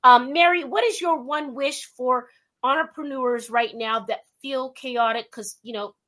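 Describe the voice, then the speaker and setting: A high-voiced woman from California hosts an interview chat. She is animated and affirming, often jumping into playful voices. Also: a little slow. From West Covina, California. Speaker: show host.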